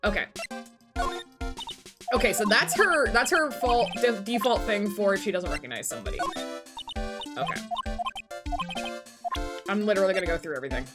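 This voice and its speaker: A woman's voice: mid-range voice, lively intonation, normal speed, pauses often. A woman streaming a game playthrough, reading the dialogue aloud with playful, swearing asides. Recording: game music loud in the mix.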